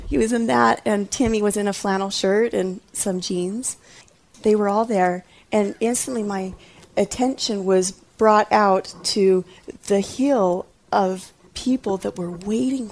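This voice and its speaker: A woman earnestly recounting a deeply personal experience, often dropping into a hushed whisper. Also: vocal fry. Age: adult mother. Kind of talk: personal testimony.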